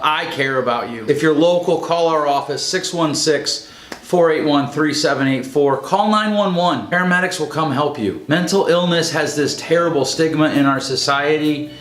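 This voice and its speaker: A man's voice: on the high side, a bit bright. Earnest man pleading in an echoey room. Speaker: counselor speaking to camera. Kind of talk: earnest direct-to-camera message. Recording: echoey room with faint music.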